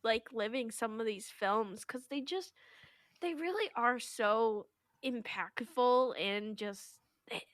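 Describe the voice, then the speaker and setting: Female podcast co-host, high bright voice, dry sound, emotional and halting. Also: no room sound. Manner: emotional, giggly, trailing off. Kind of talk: casual chat.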